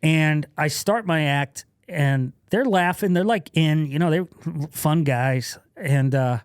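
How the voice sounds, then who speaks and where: A man's voice: on the high side, slow, smooth, no echo, clean studio sound. A man who is a comedian, guest on a podcast, telling stories in casual talk, laughing often and acting out what others said. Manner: laughs often while telling stories, acts out quoted lines.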